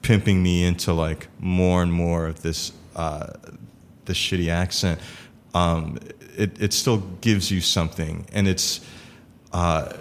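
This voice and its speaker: A man in casual conversation about improv performance, talking in a halting way with many fillers and restarts. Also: low-pitched, steady tone, slight background noise.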